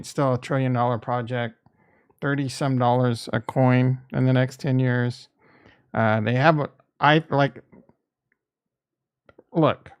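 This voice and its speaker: A man's voice: a little high, vocal fry. A man hosting a crypto investing channel, talking in a candid, rambling way that is casual and peppered with swearing.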